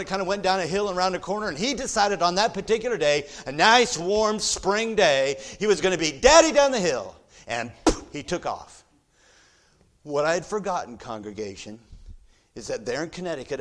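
This middle-aged pastor's voice sits high as he preaches and relates a personal story. He alternates between soft, hushed moments and loud, forceful exhortation.

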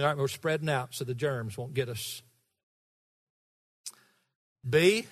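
A man preaching as pastor, emphatic and rising to shouts, teasing his congregation now and then, in a large church with a balcony. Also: medium pitch, in a large hall. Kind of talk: sermon.

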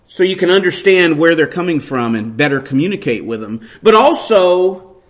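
A middle-aged male preacher with a fairly high voice delivers a sermon. He swings from near-whispers to ringing peaks and keeps asking his listeners pointed questions. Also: sing-song, moderate pace. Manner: dramatic swings from hushed to loud.

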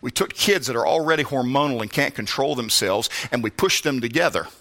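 A man preaching a sermon as pastor, who moves from low, measured talk to shouted preaching. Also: expressive. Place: church.

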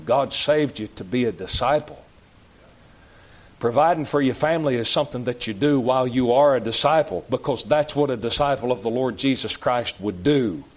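A man's voice: medium pitch, normal speed. A man preaching a sermon in a church, folksy and plain-spoken, asking the congregation question after question. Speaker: pastor.

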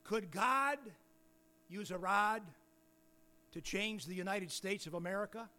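A man preaching a sermon, firing rhetorical questions and building to emphatic shouts. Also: sits high, a little slow.

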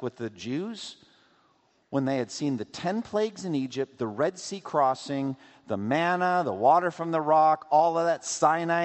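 A man preaching a sermon as pastor, asking rhetorical questions and acting out quotes in an animated way. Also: medium pitch. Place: church sanctuary. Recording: long hall reverb.

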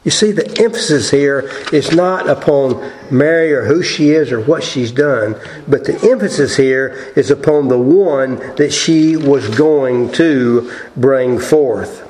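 A man preaching a Sunday morning sermon and reading scripture aloud in a slow, deliberate way. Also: mid-range voice, darkish tone, reverberant, a little hiss or hum, rough recording. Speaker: pastor.

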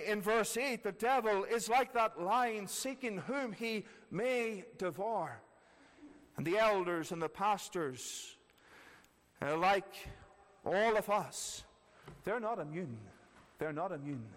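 A man's voice: high voice, slow pace, a bit bright. A man preaching a sermon earnestly, repeating key phrases for emphasis. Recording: long reverb of a large hall.

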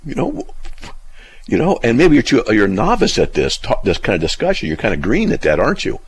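A man hosting a casual talk radio show and answering listener emails. He is animated, laughs often, argues with rhetorical questions and acts out the people he quotes. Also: medium pitch, a little fast, breathy edge. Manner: argumentative, asks rhetorical questions.

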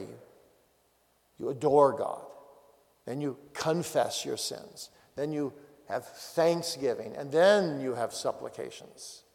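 Gravelly pastor in a reverberant hall. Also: male voice, medium pitch, darkish tone. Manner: direct practical exhortations. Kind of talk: teaching talk on family prayer.

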